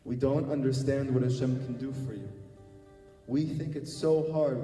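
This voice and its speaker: A man's voice: mid-range voice, steady tone, normal speed, mellow. A man, a rabbi, telling a personal story in a sermon, earnest and repeating phrases for emphasis. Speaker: rabbi giving a talk. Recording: echoey hall, far from mic, faint guitar.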